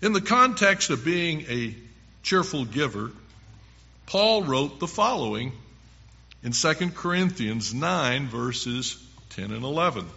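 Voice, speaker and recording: Male preacher, sermon reading, bright voice, slightly high, emphatic delivery. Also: sing-song, gravelly, highs cut off. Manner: slow, emphatic reading of verses.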